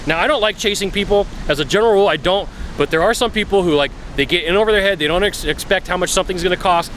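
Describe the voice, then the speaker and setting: Man, high voice, rapid blunt delivery, sales coaching vlog, faint outdoor noise. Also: a bit bright. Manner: blunt, talks fast, acts out sales calls. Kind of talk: casual outdoor vlog advice. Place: outdoors by a bay.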